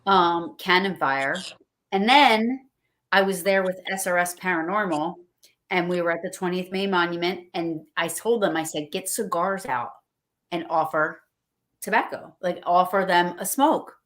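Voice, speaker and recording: A woman with a slightly low voice tells stories in a rambling, excited way, jumping back to act out each quoted line. It sounds like a casual livestream chat. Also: unhurried.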